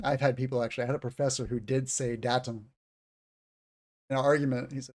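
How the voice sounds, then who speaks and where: Speaking at medium pitch with a steady, darkish tone, the man moves fairly quickly but pauses often. He's an English teacher interviewing a guest in a conversational format for language learners, explaining terms and thinking out loud.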